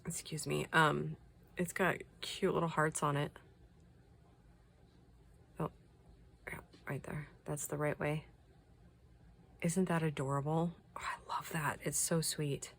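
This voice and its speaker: A woman's voice: low-pitched, level tone, slow, gravelly, long pauses, slight background noise. A woman chatting casually as she shows off crafty mail from subscribers, gushing over each piece and sometimes dropping to a whisper. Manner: gushing, soft-spoken, drops to whispers. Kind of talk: casual chat.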